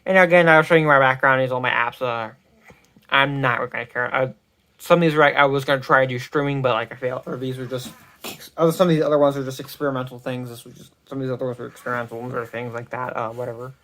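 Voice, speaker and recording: A tech reviewer giving a casual product review, recorded on a phone, talking in a rambling, halting way with many restarts and self-corrections. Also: medium pitch, steady tone, pushed and bright. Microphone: phone mic.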